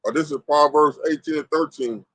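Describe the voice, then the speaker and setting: Slightly high-voiced man reading verses. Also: little pitch movement, fairly quick, a bit bright, no room sound, poor audio. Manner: reads a verse, then comments plainly. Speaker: panelist reading scripture. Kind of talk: casual religious discussion.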